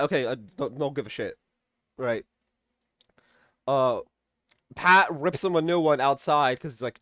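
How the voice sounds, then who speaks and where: A man's voice: a little high, lively intonation, normal speed, long pauses, a bit bright, dry recording, clean studio sound. A young man recapping a TV episode in a casual, rambling way, swearing freely and tossing in sarcastic mock quotes of the characters. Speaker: TV episode reviewer.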